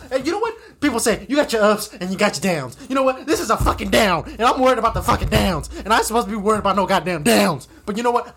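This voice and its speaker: Profane ranting young man, wide-swinging pitch. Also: a bit bright, breathy edge. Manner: profane, agitated, repetitive ranting with many "you know"s. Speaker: podcast host. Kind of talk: solo ranting podcast episode.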